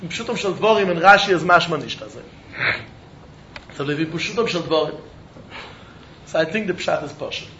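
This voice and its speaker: A man teaching a Talmud lesson, animated, often repeating words as he thinks and breaking into laughs. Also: a little high, normal speed, pauses often. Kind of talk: Talmud study lecture. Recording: roomy, muffled recording with faint background noise.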